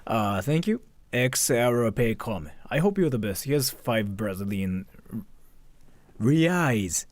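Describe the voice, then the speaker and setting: A young male streamer tells a story in a loose, rambling way, stacking up "like" as he goes. His pitch swings a lot, and the sound is close and dry with no room echo. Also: very animated, slow. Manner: rambling, filler-heavy with frequent "like". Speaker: livestreamer reading donations. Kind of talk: casual storytelling.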